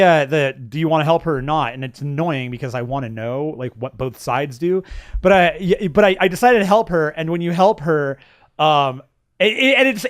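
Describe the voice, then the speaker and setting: A man's voice: a little high, smooth, no echo, clean studio sound. A middle-aged man co-hosting a podcast, chatting casually about video games, rambling with lots of restarts and fillers. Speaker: podcast co-host.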